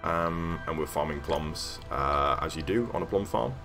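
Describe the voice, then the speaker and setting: A man's voice: extremely low pitch, lively intonation, normal speed. A man streaming casually as he builds a game level, telling a rambling story full of ums and self-corrections. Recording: streamed voice over background music. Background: background music.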